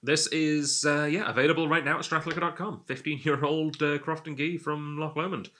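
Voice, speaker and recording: A man's voice: fairly high pitch, flat delivery, fairly quick, sharp tone. A man hosting a whisky tasting, chatting in a rambling, self-amused way as he sips and talks to the camera. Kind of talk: casual tasting monologue.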